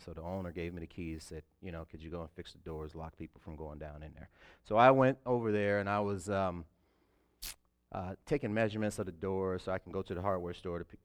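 A deacon telling a personal story to his church in a conversational, unhurried way, with plenty of fillers. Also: low voice. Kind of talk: church testimony.

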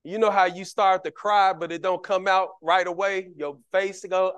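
High-voiced deacon preaching. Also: male voice, normal speed, clean tone. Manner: animated, jumps between loud and soft, acts out quoted voices; conversational, repeats words while building a point. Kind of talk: sermon with personal stories.

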